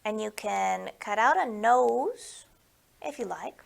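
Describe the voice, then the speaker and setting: A woman's voice: mid-range voice, expressive, takes it slowly, gravelly. A woman hosting a library storytime for young children, talking in a playful, coaxing way and asking the kids questions.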